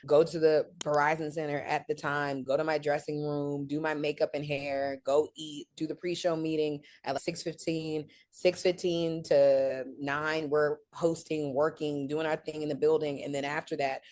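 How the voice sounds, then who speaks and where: Low-voiced woman telling lively stories. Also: moderate pace, few pauses. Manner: animated, quotes people in lively voices. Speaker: interview guest. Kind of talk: storytelling in a casual interview.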